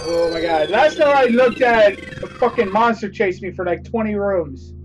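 High, swinging male horror-game player. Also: lively intonation, moderate pace, soft background music, rough recording. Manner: jumpy, loud yelps and frequent swearing. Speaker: gamer playing a horror game. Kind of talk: let's play commentary.

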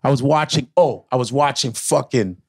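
A man's voice: mid-range voice, normal speed, husky, dry recording, clean studio sound. A man talking casually as a comedian guest on a podcast, swearing and slipping into voices and impressions.

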